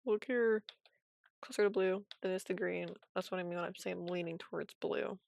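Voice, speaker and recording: A woman streaming animation from home, giving casual commentary while she draws, in a soft, quiet, half-whispered way. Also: lowish voice, fairly even intonation, normal speed, creaky, no echo.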